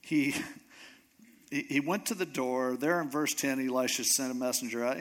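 In a lively sermon, a middle-aged man with a medium pitch retells a Bible story conversationally. He brings the characters to life, voicing their lines in quick, animated asides.

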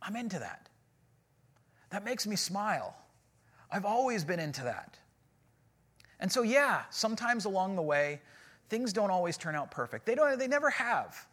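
Casual slightly high-voiced male preacher. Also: very animated, moderate pace, long pauses, a bit bright. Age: 40s. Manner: casual, storytelling, self-deprecating humor. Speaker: pastor. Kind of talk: sermon.

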